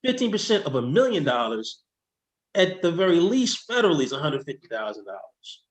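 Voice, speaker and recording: A man, a tax expert guest, explaining with slides in an excitable, rushing way that keeps interrupting itself. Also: fairly high pitch. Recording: echoey room.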